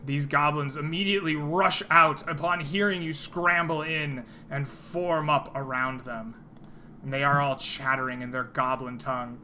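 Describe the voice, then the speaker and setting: Very bright-voiced male game master. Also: a little high, fairly even intonation, slight background noise. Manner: descriptive, unhurried scene narration. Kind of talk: narrating a tabletop game.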